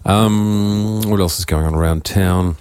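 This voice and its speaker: An Australian man hosting a radio show in a studio, chatting casually with a croaky voice and a rambling, offhand manner. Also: low-pitched, fairly even intonation, a little slow, darkish tone, dry recording. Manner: rambling, offhand, self-mocking. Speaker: radio DJ host.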